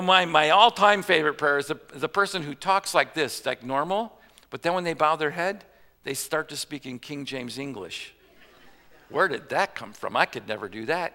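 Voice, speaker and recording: A man's voice: a little high, pushed and bright. A man preaching a sermon in a conversational way, joking and asking the congregation questions. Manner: conversational with jokes and rhetorical questions. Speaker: pastor. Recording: reverberant church hall.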